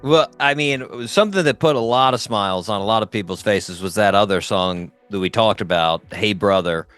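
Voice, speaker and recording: A male host with a low, smooth and resonant voice, recorded close and dry. He recaps the guest's story in an easygoing way. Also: fairly quick, a bit bright, no echo, faint music behind. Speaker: podcast host. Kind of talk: casual interview.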